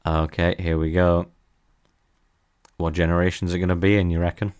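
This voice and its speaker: A man's voice: sits low, flat delivery, moderate pace, a little mellow, clear, resonant tone. A young man streaming from his desk, teasing his chat in a playful, casual way.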